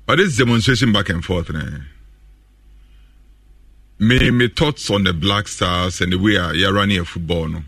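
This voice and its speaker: Ghanaian male panelist, forceful bright tone, keeps repeating his points. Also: low-pitched, moderate pace, pauses often, slightly rough, dry recording. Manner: emphatic, repeats himself, stumbles. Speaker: sports radio panelist. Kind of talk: radio sports talk.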